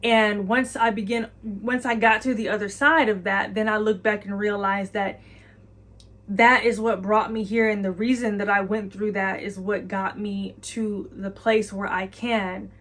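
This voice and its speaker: A woman speaking an intuitive channeling message to her viewers. She talks earnestly and encouragingly at a middle pitch, circling back to the same phrases again and again. She often slips into the listener's own imagined voice. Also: little pitch movement, measured pace, a bit bright.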